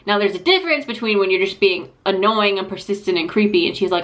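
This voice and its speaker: A woman's voice: mid-range voice, fast talker. Blunt, profane woman reacting on camera. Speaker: video host. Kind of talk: reaction commentary.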